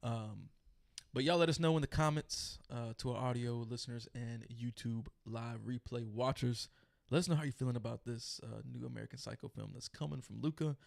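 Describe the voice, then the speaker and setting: Speaking a little fast in a creaky, mid-range voice, a man chats as co-host of a horror news podcast. He keeps it easygoing and colloquial, with plenty of fillers that trail away.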